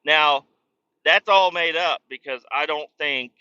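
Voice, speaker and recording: A man's voice: a little high, takes it slowly, pushed and bright, smooth, no echo, highs cut off. A man hosting a podcast, telling a rambling, profane, self-mocking comic story. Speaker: podcast host. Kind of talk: comedic storytelling monologue.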